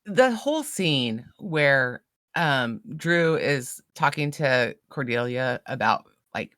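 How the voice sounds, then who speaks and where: A woman's voice: very deep voice, animated, takes it slowly, fairly bright tone, dry recording, studio quality. A woman co-hosting a casual book podcast, enthusiastically retelling scenes. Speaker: podcast co-host.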